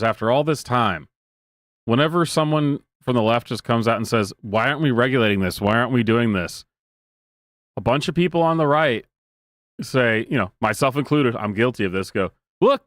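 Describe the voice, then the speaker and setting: A man's voice: medium pitch, a bit bright, dry recording, clean studio sound. A man in his thirties streaming live, reacting to clips with sarcastic, mocking commentary and frequent laughter. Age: 30s.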